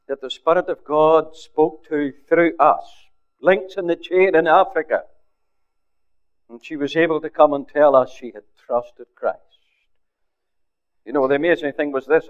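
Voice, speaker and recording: An older man, a pastor, telling a story in a sermon, often dropping his voice to a near hush for quoted words. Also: a little high, moderate pace. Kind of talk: sermon testimony. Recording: phone-like narrow sound.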